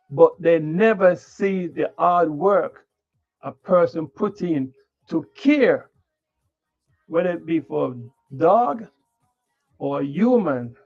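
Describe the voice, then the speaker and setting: With a high voice and vocal fry, a man rants bluntly on a livestream. His cursing is unfiltered and his tone preachy and moralizing, captured in dull lo-fi audio with faint music.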